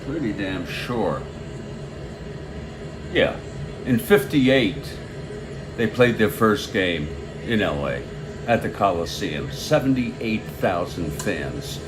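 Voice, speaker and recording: A man hosting a tabletop baseball replay, giving casual play-by-play with rambling chatty asides and bursts of excitement on big plays. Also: on the low side, slow pace, long pauses, music in the background.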